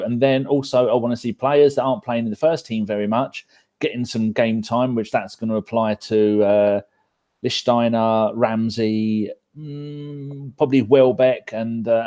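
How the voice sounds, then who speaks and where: A man's voice: fairly low pitch, mellow. A man joking around as a podcast co-host, self-mocking and casual.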